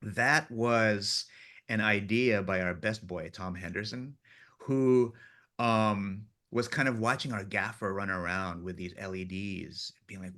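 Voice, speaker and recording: A man, a film director, chatting in an interview and telling animated stories from the set, acting out his crew's lines and laughing often. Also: lowish voice, measured pace. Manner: animated storyteller, acts out crew voices, laughs often. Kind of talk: casual interview chat.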